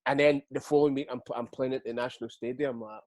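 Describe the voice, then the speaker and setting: This retired Scottish footballer, middle-aged and from Scotland, talks fast at a medium pitch with a steady tone while recounting his playing days in a casual interview. He swears a lot and mimics what others told him. A faint hiss or hum sits under the audio.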